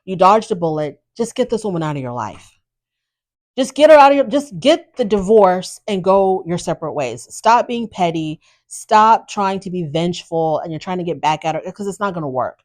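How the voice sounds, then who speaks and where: A woman's voice: lowish voice, normal speed. Exasperated woman recapping a show. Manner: animated, exasperated, talks straight to the subject. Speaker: podcast host recapping a reality show. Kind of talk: casual opinionated recap.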